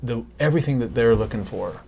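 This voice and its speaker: A man's voice: mid-range voice, fast, gravelly, darkish tone, poor audio. A man hosting a casual interview, speaking in long reflective runs and encouraging his guest. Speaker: interview host. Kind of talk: casual conversation. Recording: faint background noise.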